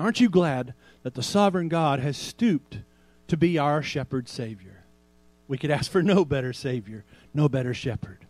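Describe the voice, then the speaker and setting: Male pastor, slightly high voice, casual sermon delivery with rhetorical questions, dry recording. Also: darkish tone, no echo. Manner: conversational preaching with rhetorical questions; slows down to stress quoted scripture.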